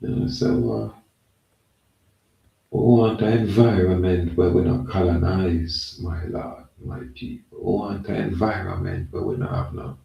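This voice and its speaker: A man's voice: lively intonation, highs cut off. A man with a Jamaican accent talking in a loose, rambling monologue, often saying "yeah, man". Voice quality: gravelly, low and slow. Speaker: channel host. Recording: echoey room, mic at a distance.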